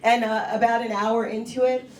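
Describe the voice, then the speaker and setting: A woman's voice: a little high, normal speed, a little hiss or hum. Woman doing stand-up in an echoey club. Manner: deadpan dark jokes, talks to the crowd. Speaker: stand-up comedian. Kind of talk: stand-up comedy set. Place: comedy club stage with audience. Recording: echoey club, mic heard from a distance.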